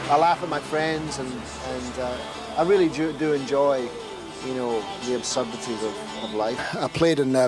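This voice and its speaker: A man who is a singer-songwriter, telling stories in a rambling, amused way and often laughing through his words in a casual interview. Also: medium pitch.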